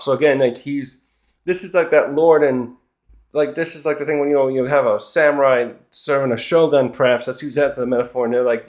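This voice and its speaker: A man's voice: mid-range voice, steady tone, a little fast, a little mellow. A man casually recapping a comic chapter, rambling along with frequent restarts and little chuckles. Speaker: manga reviewer.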